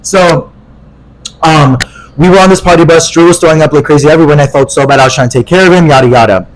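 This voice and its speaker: Young male podcast co-host, quick and animated, swears freely, acts out quoted voices in casual storytelling. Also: fairly high pitch, slight background noise, low-quality recording.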